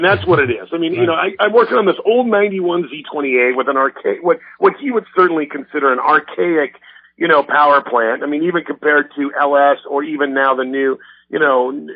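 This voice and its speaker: A raspy-voiced man calling in as a guest, chatting casually about cars in a rambling, filler-heavy way. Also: mid-range voice. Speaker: guest from a car magazine. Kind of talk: casual radio chat. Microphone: phone call. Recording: tinny phone line.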